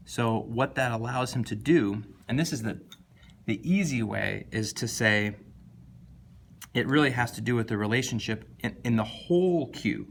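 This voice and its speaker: A man's voice: mid-range voice, unhurried, a bit bright, a little hiss or hum. A man giving a casual, enthusiastic lecture on a poem, thinking aloud with many filler words. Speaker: teacher.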